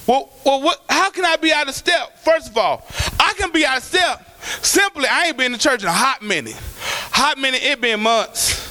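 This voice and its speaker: A male pastor preaching a sermon in a church, fervent and colloquial, swinging between shouted lines and soft asides as he calls out to the congregation. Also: extremely high pitch, animated, moderate pace.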